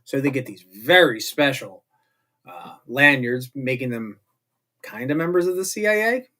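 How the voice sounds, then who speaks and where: A man talks through a series recap in a loose, chatty way, rambling from point to point and tossing in jokey asides. His voice sits at an ordinary middle pitch. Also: lively intonation, normal speed, bright, forceful tone. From not British. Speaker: show host recapping a series. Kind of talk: casual spoken episode recap.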